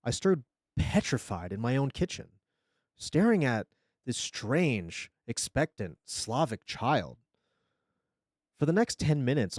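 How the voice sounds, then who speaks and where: Guy reading a scary story on stream, really lively pitch, dry close sound. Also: no echo. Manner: expressive storytelling.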